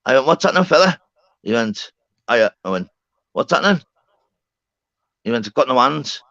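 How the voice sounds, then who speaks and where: A man telling a story on a live panel, excitable and sweary, acting out both sides of the conversation. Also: mid-range voice, normal speed, no echo. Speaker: streamer. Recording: slightly dull lo-fi call audio.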